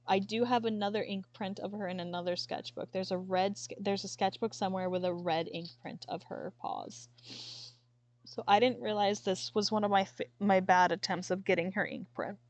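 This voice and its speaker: A woman streamer chatting casually and haltingly, sometimes tearful and apologizing. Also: mid-range voice, no room sound. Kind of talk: casual chat while showing a sketchbook.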